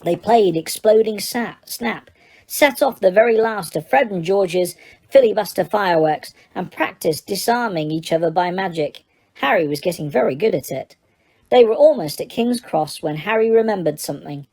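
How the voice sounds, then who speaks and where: Woman with a mellow audiobook voice. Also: medium pitch, expressive, moderate pace. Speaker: audiobook narrator. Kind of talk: scripted narration.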